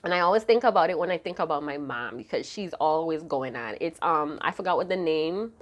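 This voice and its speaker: A slightly hoarse woman with a somewhat low voice reads tarot cards for her viewers. She talks in a loose, chatty way, full of slang and the odd curse, and hums along to songs she hears in her head. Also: lively intonation, fairly quick. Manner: chatty, slangy and profane, hums song snippets. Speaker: tarot card reader. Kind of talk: casual tarot reading to viewers.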